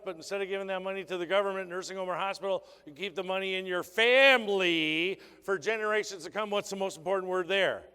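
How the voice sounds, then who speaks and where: Brief: male sales seminar speaker with a fairly high voice, punchy questions to the room, long hall reverb. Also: a little fast, hardly any pauses, pushed and bright, clear, resonant tone. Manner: punchy rhetorical questions to the audience. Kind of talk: motivational sales talk to an audience. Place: conference hall.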